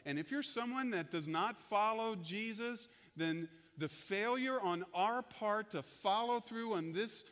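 A male pastor preaching a sermon, telling the story with lively energy and acting out the people he quotes. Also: sits high, measured pace, hardly any pauses, big-room sound. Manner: animated storytelling, acts out quotes.

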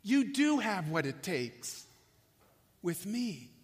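A man's voice: high voice, big pitch swings, slow, full character voice. A man preaching, voicing Jesus as a compassionate figure who speaks in a reassuring way. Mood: encouraging. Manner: warm, reassuring. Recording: long echo of a large hall.

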